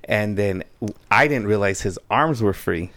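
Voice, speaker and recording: A man telling a long family story in casual conversation, animated and acting out the dialogue he quotes. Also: on the low side, normal speed, no echo.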